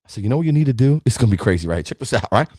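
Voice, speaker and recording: A man's voice: mid-range voice, very animated, racing, a little mellow, husky, dry recording, studio quality. A middle-aged man hosting a podcast, giving an emphatic, preachy motivational talk straight to his listeners. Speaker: podcast host.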